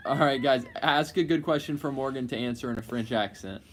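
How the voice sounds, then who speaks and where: A man runs a live stream Q&A in a relaxed, teasing way, calling out to viewers. His voice sits at an ordinary middle pitch. Faint noise hums behind him. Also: brisk. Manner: playful, teasing, running the stream. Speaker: co-host of a couple's live Q&A. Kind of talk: casual live-stream chat.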